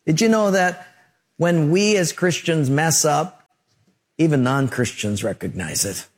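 A male pastor preaching a sermon, telling vivid stories with lively emphasis. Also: fairly high pitch, unhurried. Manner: animated storytelling preacher.

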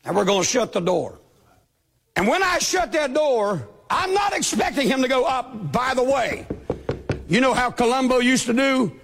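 A man preaching a sermon, with a shouting preacher's cadence, acting out the voices he quotes. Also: very high voice, animated, moderate pace, creaky. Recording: long hall reverb.

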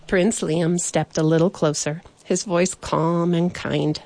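A woman narrating a children's bedtime story in a gentle storytelling manner. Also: on the low side, fairly even intonation, slow, no echo.

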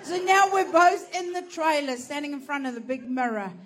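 A woman's voice: high-pitched, moderate pace, slight background noise. A woman telling a stand-up comedy story in a crude, profane, self-mocking way. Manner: lively, animated delivery.

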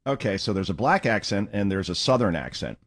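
A man's voice: fairly low pitch, big pitch swings, brisk. Sarcastic male talk show host. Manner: sarcastic, mocking. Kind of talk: opinionated political commentary.

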